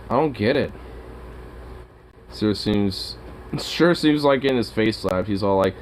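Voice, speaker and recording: Man, low and slow, murmuring fond pet talk. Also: animated, slight background noise, low-quality recording. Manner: cooing, doting, drawn-out murmurs.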